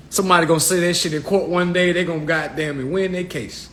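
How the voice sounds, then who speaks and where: A man hosting a livestream, ranting comically to his viewers in a profane, animated way and calling them y'all. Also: a little high, quick pace, few pauses. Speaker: livestream host. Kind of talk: casual comedic rant.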